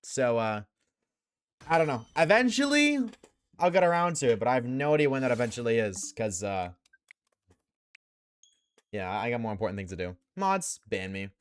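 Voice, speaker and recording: A man's voice: mid-range voice, very animated, clean tone. Slangy, joking young streamer guy. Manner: slangy, joking, talks in quick bursts. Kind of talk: casual chat to a live stream audience.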